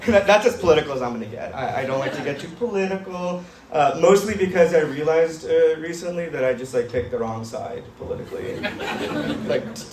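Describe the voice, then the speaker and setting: A man doing stand-up comedy on a club stage, with a deadpan, edgy, self-mocking delivery. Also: fairly high pitch, very noisy. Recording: roomy club sound from far, crowd laughter.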